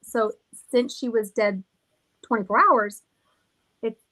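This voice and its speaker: Her voice is a little high and fairly bright, with a steady tone and a slow pace. She's a middle-aged woman who owns a haunted villa, casually rambling through stories while laughing and swearing freely.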